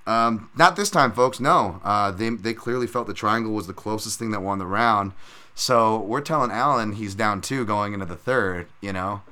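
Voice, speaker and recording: A man's voice: on the low side, moderate pace, pushed and bright, clear, resonant tone. A man hosting a podcast, recapping fights in a casual, rambling way and calling his listeners folks. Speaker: podcast host.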